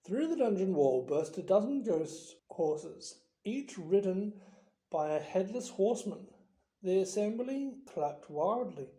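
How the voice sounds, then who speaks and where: A reader narrating a children's story aloud at an unhurried pace. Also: mid-range voice, lively intonation, mellow. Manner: slow and unhurried. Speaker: audiobook reader. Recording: roomy echo.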